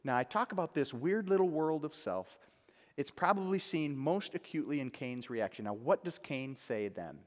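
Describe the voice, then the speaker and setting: Guy preaching, fairly high voice, goes loud then whispery, big hall echo. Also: lively intonation, moderate pace. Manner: dramatic, swings from loud to hushed. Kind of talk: sermon. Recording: long hall reverb.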